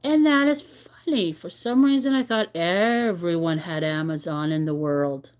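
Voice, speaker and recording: This crochet livestream host has a lowish, somewhat mellow voice and keeps a measured pace. Her talk is casual and candid, drifting a little as she muses and reads out what viewers have written.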